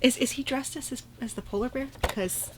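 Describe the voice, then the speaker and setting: Fairly high-pitched woman co-host, hesitant casual chat, faint hiss behind. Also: brisk. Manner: chatty, hesitant, trails off and restarts.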